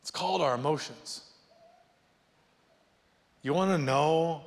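Preacher in an echoing church hall. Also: male voice, on the high side, slow pace, pauses often. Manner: animated preaching, rising loud then dropping soft, joking asides. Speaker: pastor. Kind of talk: sermon. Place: church sanctuary. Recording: long reverb of a church hall.

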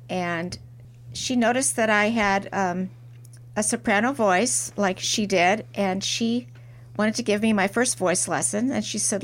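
A middle-aged woman, a porcelain artist, telling a reflective story in an interview with soft restarts. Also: mid-range voice. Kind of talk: interview conversation.

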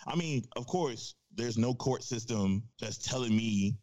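A man talking casually as a podcast guest, telling stories in an animated, slangy way with plenty of swearing. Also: medium pitch, unhurried, muffled recording. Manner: animated storyteller, profane, slangy.

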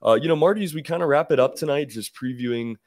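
A man's voice: mid-range voice, quick pace, no echo, clean studio sound. A man hosting a casual sports podcast, easygoing and conversational, plugging the show. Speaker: podcast host.

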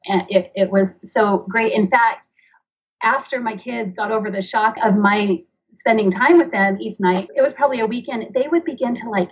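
A woman's voice: fairly high pitch, moderate pace, breathy edge, lo-fi sound. A woman in her thirties, a mother and author, talking earnestly as a podcast guest, rambling a little as she explains. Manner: earnest, rambling, acts out dialogue. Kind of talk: conversational interview.

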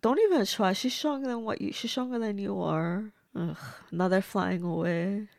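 A woman's voice: medium pitch, moderate pace, gravelly, no echo, studio quality. A woman giving casual, blunt, reactive commentary as she watches and reviews a movie. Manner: chatty, blunt and reactive, swears freely.

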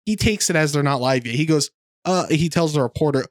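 A man co-hosting a podcast, retelling film scenes in casual chat with animated delivery. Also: on the high side, a little fast, dry recording. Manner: animated storytelling, slips into a mimicked accent. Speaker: podcast co-host.

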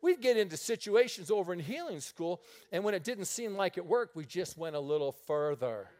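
Male pastor, high voice that leaps all over, animated story-driven sermon. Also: moderate pace. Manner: animated storytelling with frequent laughter.

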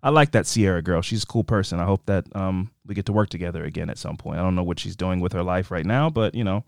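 A man's voice: sits low, fast talker, vocal fry, dry recording. Male podcast host, chatty and self-interrupting, dry close sound. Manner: rambling, self-interrupting and animated. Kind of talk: casual podcast chat.

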